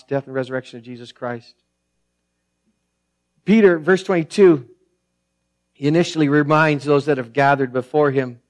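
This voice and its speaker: A man preaching a sermon as pastor, earnest, repeating and restarting phrases, swinging between emphatic peaks and quiet, low passages.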